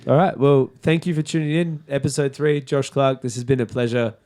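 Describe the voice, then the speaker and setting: A man's voice: medium pitch, steady tone, brisk, warm tone. An Australian man hosting a podcast, jokey and upbeat as he wraps up the episode. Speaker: podcast host. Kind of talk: casual chat.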